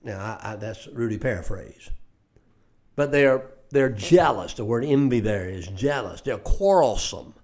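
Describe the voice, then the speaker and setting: A man's voice: mid-range voice, very animated, normal speed, darkish tone. An older man teaching from scripture in an earnest preaching manner, often repeating words as he starts a phrase. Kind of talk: radio Bible teaching.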